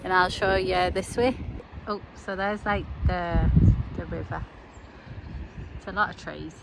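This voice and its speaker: A woman's voice: lowish voice, fairly even intonation, measured pace, gravelly. A young woman, chatting casually to her phone camera outdoors in a town and laughing often. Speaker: vlogger. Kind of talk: casual vlog chat. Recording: outdoor phone video with street noise.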